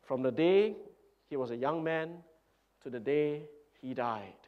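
Male pastor, sermon, earnest, emphatic, repetitive phrasing, somewhat high voice. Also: a little slow, lo-fi sound.

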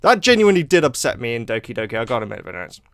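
A man giving excitable, chatty let's play commentary, joking and laughing often. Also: mid-range voice, rapid-fire. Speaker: YouTube gamer.

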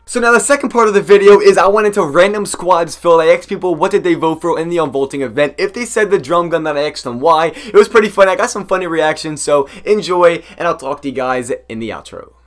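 A man hosting a gaming video, narrating in a casual, energetic way and talking straight to his viewers. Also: fairly high pitch, fast, hardly any pauses. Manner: energetic, chatty, addresses viewers directly. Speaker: gaming YouTuber.

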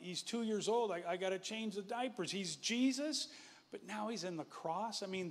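A male pastor giving a lively, conversational sermon, often chuckling as he speaks. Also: fairly high pitch. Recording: echoey hall.

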